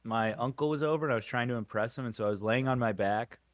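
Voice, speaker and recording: A man's voice: medium pitch, fast talker, no room sound. Man rambling through a funny story. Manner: rambling storyteller who laughs at his own tales. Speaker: podcast co-host. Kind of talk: casual comedic chat.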